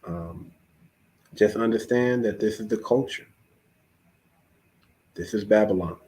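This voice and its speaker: A man's voice: lowish voice, a little slow, dark tone. A man hosting a podcast, exhorting his listeners in a preachy tone and driving every point home with repeated phrases. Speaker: podcast host. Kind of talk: casual preachy podcast talk.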